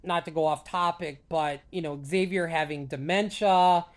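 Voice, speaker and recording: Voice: medium pitch, fairly even intonation, normal speed. A vlogger chatting casually on their own, rambling and hesitant with many restarts, earnest and openly emotional about films. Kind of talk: casual solo chat to camera.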